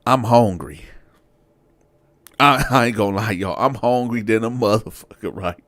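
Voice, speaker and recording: A man's voice: moderate pace, dry recording. A man, casually telling a prison story to his audience and acting out the quotes. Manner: animated, acts out quotes with rising pitch. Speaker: storyteller, show host.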